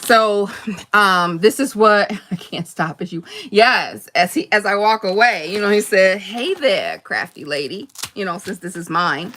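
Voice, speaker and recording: A woman hosting a casual live crafting chat, rambling warmly between laughs and answering viewer comments. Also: medium pitch, slight background noise. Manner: chatty and rambling, laughs often, quick asides. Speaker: crafting channel host.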